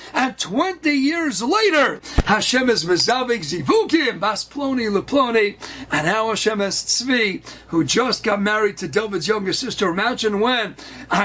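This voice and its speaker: This rabbi's voice is very high-pitched as he relates a story in an animated sermon style. He mixes in Hebrew and Yiddish words and voices the children in the tale himself.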